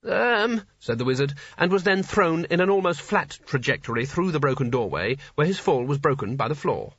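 Lively husky male storyteller. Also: on the high side, fairly quick, dry recording, dull audio. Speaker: narrator. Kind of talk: audiobook narration.

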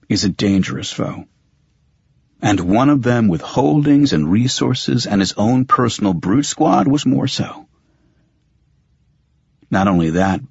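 A man narrating a first-person audiobook in a wry, measured way. The recording sounds dull and dry. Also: fairly low pitch, creaky, slightly rough, dry recording.

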